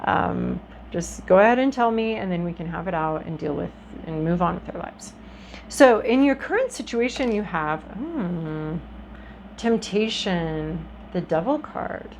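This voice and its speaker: A woman's voice: fairly low pitch, lively intonation, unhurried, vocal fry, a little hiss or hum, poor audio. A woman giving a casual tarot reading to her viewers, talking in a chatty, reflective way with frequent ums and restarts. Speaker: tarot reader.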